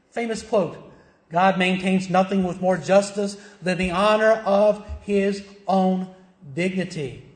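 A middle-aged male pastor preaching a sermon, emphatic, firing rhetorical questions and answering them himself. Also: sits high. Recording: echoey church room.

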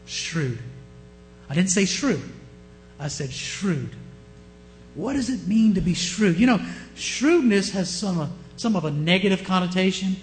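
A man with a Southern US accent preaching a sermon, often asking his listeners questions and shifting his pace and loudness. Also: high voice, animated, normal speed, faint music behind. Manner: asks the congregation questions, varies pace and loudness. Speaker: pastor.

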